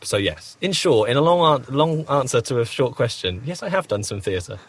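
A man's voice: medium pitch, big pitch swings, normal speed, breathy edge, dry recording. A man, a voice actor, answering interview questions in a rambling, self-correcting way with frequent coughs, speaking from a home recording booth. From United Kingdom. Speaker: voice actor guest.

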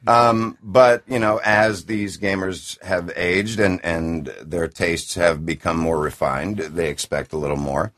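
A middle-aged man with a deep classic announcer voice, a video game voice actor chatting enthusiastically and rambling in an interview. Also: fairly even intonation, measured pace, hardly any pauses, a bit bright. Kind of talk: casual interview chat.

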